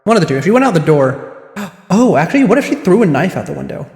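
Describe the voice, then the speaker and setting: A man's voice: sits high, big pitch swings, fast, a little mellow. Chatty male streamer in an echoey room. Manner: rambling, chatty, self-deprecating. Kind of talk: casual livestream gameplay commentary. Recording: echoey room with long reverb.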